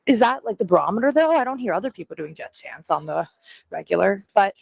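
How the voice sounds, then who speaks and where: A woman's voice: mid-range voice, very animated, quick pace, gravelly, darkish tone, slightly rough, no room sound, rough recording. A woman calling in live from a rainy city street, self-conscious and hesitant, laughing nervously. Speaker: contestant on a live show. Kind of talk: live phone call from the street.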